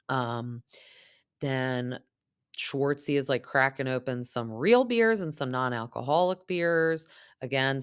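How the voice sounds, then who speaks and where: Woman, gossipy recap host, very deep voice, dry close sound. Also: clear, resonant tone, dry recording. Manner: gossipy, frequent "like" and "um", mimics cast members. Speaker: podcast host recapping reality TV. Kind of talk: casual chatty recap.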